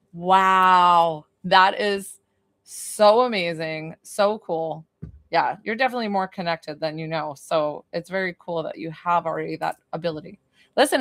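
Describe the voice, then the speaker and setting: A woman's voice: mid-range voice, fairly bright tone, no echo, studio quality. A woman hosting a live stream as a psychic medium from her basement, chatting effusively with viewers and swearing casually. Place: basement room.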